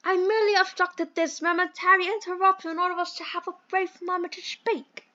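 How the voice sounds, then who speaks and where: Here a woman reads the part of a pompous British gentleman, an old-fashioned phone box employer with fussy manners and ornate speeches, while playing a phone dating game in a put-on British accent. Her bright, high voice is flat and brisk, coming through a muffled, low-fi microphone.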